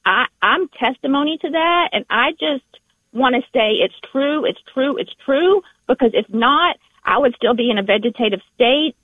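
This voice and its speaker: A woman with a Southern accent calling in to a radio show, speaking earnestly and haltingly, often repeating herself. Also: a little high, no room sound. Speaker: radio caller. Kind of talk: call-in radio chat. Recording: phone line.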